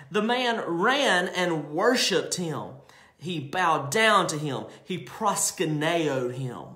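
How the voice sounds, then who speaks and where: High-voiced preacher in an echoey room. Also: male voice, fairly bright tone. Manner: emphatic, drawn-out scripture reading with asides. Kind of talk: sermon.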